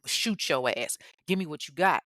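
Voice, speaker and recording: A woman voicing a menacing young male robber in a retold story, talking fast and profanely. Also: low voice, lively intonation, fairly bright tone, dry recording, studio quality. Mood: threatening.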